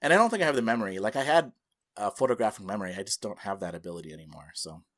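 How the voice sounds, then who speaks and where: A podcast co-host with a fairly low, expressive, slightly bright voice races through a story at very fast speed. He acts out the people he quotes and laughs between phrases.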